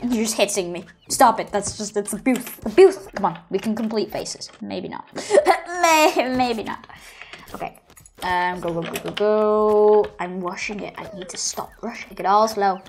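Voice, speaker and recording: A gaming video host giving excitable let's-play commentary, full of gasps and squeals, into a desktop microphone. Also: medium pitch, measured pace, a little hiss or hum.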